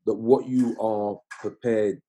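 A man's voice: fairly low pitch, steady tone, slow, mellow. A middle-aged man, talking loosely in an interview and asking "you know what I mean" after nearly every point. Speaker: film crew guest. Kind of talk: casual interview chat.

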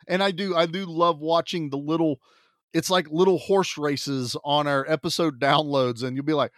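A man's voice: fairly high pitch, fairly even intonation, normal speed, fairly bright tone, no echo, studio quality. A man co-hosting a podcast in a casual, chatty and joking way. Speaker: podcast co-host.

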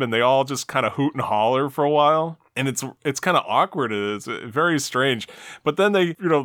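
Male podcast host, casual and chatty, mid pitch, dry close sound. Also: dry recording. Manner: relaxed, chatty, frequent fillers. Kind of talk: casual commentary on an old talk show.

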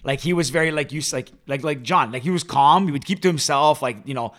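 A man's voice: fairly high pitch, fast, a bit bright. A young man co-hosting a podcast, chatting casually and telling family stories with lots of fillers and laughs. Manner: storytelling with many fillers, laughs often. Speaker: podcast co-host. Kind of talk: casual chat.

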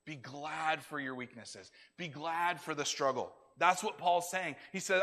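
Man, children's sermon, animated, high voice, echoey church hall. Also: unhurried, hardly any pauses. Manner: animated, acts out quotes for kids. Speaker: children's ministry speaker.

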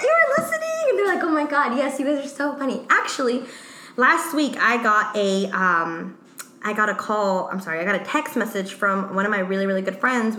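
A woman's voice: medium pitch, bright, forceful tone. A woman in her thirties co-hosting a podcast, talking candidly and emotionally, laughing often and saying "like" a lot. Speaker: podcast co-host. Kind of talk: casual podcast chat. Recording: echoey room with faint noise.

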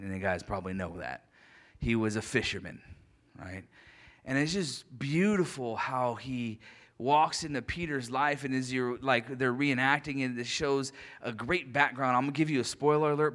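Guy pastor preaching in church, talks casual then gets loud and fired up, kinda high voice. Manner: conversational, builds to loud emphatic preaching. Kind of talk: sermon. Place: church sanctuary with live congregation.

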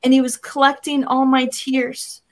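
A woman's voice: high-pitched, completely flat delivery, moderate pace. An adult woman sharing a personal faith testimony in an interview, earnest and vivid, acting out her own past words as she goes. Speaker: interview guest.

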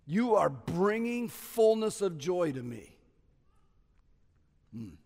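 A man preaching a sermon as pastor, stressing key words loudly and dropping to quiet asides. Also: sits high, big pitch swings, slow, vocal fry, in a large hall. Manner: emphatic, swings between loud stresses and quiet asides.

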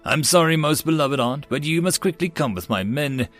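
A man voicing an alien noble who speaks in a formal, quietly menacing way. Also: on the high side, animated, moderate pace, faint music behind, pitched above the performer's own voice.

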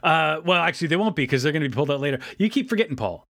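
A man co-hosts a casual podcast, retelling a cartoon episode with animated delivery. His voice sits a little high and bright, with a very lively pitch. He is recorded dry, with no room sound. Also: creaky, dry recording. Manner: animated, jumps into quick character voices when quoting. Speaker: podcast co-host. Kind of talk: casual episode recap chat.

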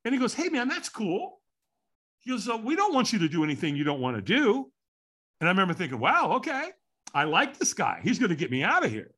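Man in his sixties, podcast guest, storytelling, lively swooping pitch, higher voice. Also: fast. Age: 60s. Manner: animated, acts out quotes with big pitch swings.

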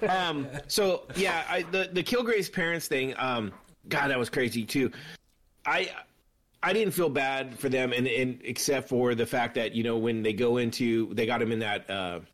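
A man's voice: medium pitch, moderate pace. A man co-hosting a casual podcast, swearing and laughing as he tells stories. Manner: profane, laughing, animated storytelling. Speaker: podcast co-host. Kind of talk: casual chat.

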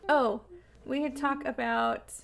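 Podcast co-host, female, gravelly and rambling, casual chat. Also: high-pitched, fairly even intonation, slow pace, fairly bright tone, a little hiss or hum. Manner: rambling, many fillers and restarts.

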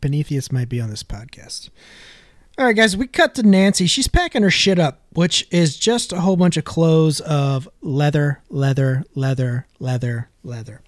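A man's voice: sits high, sing-song, normal speed, dry recording. A man hosting a casual podcast, recapping a film scene by scene with jokey asides. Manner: laid-back, narrates scenes with jokey asides. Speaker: podcast host.

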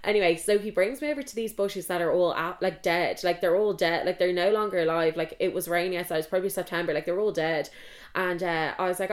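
A woman's voice: lowish voice, fairly quick. A young Irish woman in her twenties telling candid, self-mocking dating stories in a chatty podcast style, swearing freely. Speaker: podcast host. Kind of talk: casual storytelling.

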